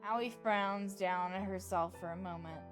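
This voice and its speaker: A woman's voice: mid-range voice, steady tone, unhurried, over music. A woman streamer narrating a game playthrough in a playful manner, reading the dialogue aloud.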